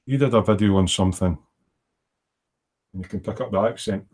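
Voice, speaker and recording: A middle-aged man with a slightly low voice chats casually from his home workshop. He rambles from one thought to the next as he works, reading viewer comments aloud between tasks. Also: a little fast, darkish tone, husky. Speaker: livestream host. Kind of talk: casual chat while working.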